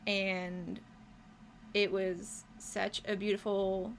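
Woman gushing about her mural work, creaky voice, lots of ums and laughs, bit of background hiss. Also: medium pitch, level tone, drawn-out words. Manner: enthusiastic, laughs often, many fillers. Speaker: muralist guest. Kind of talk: casual interview chat.

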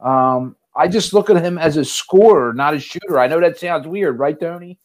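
A man's voice: a little high, moderate pace. A man co-hosting a casual sports podcast, hesitant and full of fillers. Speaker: podcast co-host.

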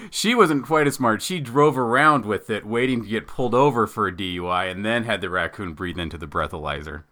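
A man in his thirties co-hosting a casual comedic chat, telling stories with lively acted-out quotes. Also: lowish voice, brisk. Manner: animated storytelling, acting out quoted voices. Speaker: podcast co-host.

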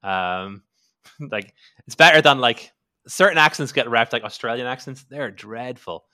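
A man's voice: mid-range voice, lively intonation, measured pace, bright, forceful tone. A man, a podcast co-host, talking in casual chat, rambling with many fillers and restarts. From Ireland.

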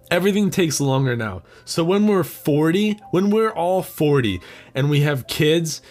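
Slow-talking young man ranting solo. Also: a little high. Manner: swears a lot, rambling and sarcastic. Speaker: podcast host. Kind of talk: solo comedic rant.

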